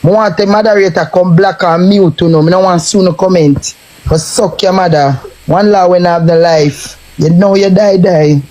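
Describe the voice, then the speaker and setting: A man's voice: high voice, dark tone, rough recording. A man with a Jamaican accent, ranting and taunting in a cursing live stream tirade.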